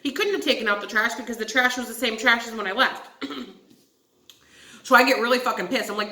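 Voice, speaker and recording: A woman's voice: on the high side, a little fast, pushed and bright. A young woman hosting a casual storytime vlog, talking animatedly, swearing and calling her viewers guys. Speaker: channel host telling a story. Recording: echoey room.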